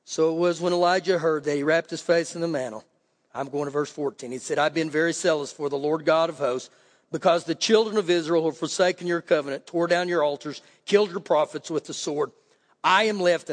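A high-pitched man preaches a sermon, his voice ringing with a long hall reverb. He reads scripture and then drives his point home with sudden emphatic lifts in pitch. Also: moderate pace. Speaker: pastor.

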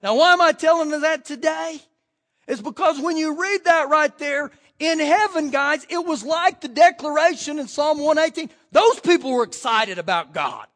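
A man pastor preaching a fervent sermon, swinging from shouts to hushed asides. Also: extremely high pitch, lively intonation, normal speed. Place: church sanctuary.

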